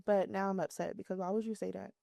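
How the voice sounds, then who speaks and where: A woman's voice: mid-range voice, fast, vocal fry, no room sound, studio quality. A woman in her thirties chatting casually as a podcast co-host, telling family stories and acting out what people said. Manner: animated storyteller, acts out quotes in lively voices. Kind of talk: casual chat.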